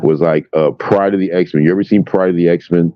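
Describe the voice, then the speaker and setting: A very deep-voiced man retells a scene with excitable energy, stumbling over fillers and cursing freely. His voice comes through dull and lo-fi. The sound is dry, with no room echo. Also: fairly quick. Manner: storytelling, excitable, lots of fillers and swearing. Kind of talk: casual chat.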